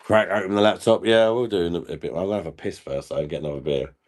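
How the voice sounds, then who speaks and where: A man's voice: low-pitched, fast talker, a little mellow. A man hosting a casual live stream, laughing often and bantering with viewers in the chat while he drinks.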